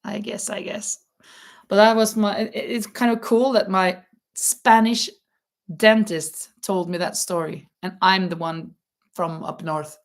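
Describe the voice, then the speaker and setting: A woman's voice: mid-range voice, steady tone, measured pace. A woman with a Norwegian accent chatting casually on a live stream, laughing often and reading out viewer comments. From Norway. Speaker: crochet channel host.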